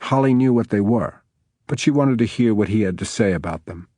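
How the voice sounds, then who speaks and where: Deep-voiced male audiobook narrator. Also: brisk, dark tone, no room sound.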